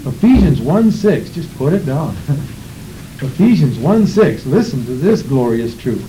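A man's voice: fairly high pitch, big pitch swings, measured pace, warm tone, a little hiss or hum, poor audio. A man preaching a sermon in a church, reading scripture aloud and praying with fervent, rhythmic emphasis.

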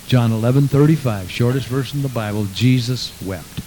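A man's voice: medium pitch, moderate pace, mellow, poor audio. Fervent male preacher with faint hiss. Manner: fervent, repeats praise phrases, reads scripture aloud. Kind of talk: sermon.

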